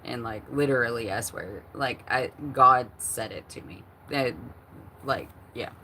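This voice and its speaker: Her voice rumbles low yet sounds pushed and bright, unhurried, with a little hiss or hum on the recording. A woman in her forties streaming casually from home, she answers her chat in a meandering way, restarting often and using many fillers.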